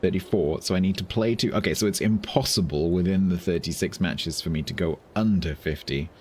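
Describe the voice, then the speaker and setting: A man's voice: deep voice, a little fast, a little mellow, husky. An English man streaming a game, chatting casually and rambling with dry, self-amused asides as he reads chat. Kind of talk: casual live-stream chat while gaming.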